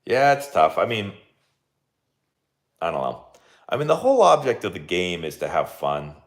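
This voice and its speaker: A man's voice: low-pitched, wildly swooping pitch, moderate pace. A young man, a baseball coach hosting a casual live watch-along and chatting with lots of fillers and laughs.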